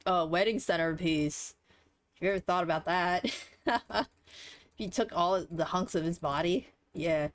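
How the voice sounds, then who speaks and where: A woman's voice: fairly low pitch, unhurried, dry recording. A young adult woman streaming live, talking through a game in a rambling, offhand way and swearing casually. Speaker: livestreamer.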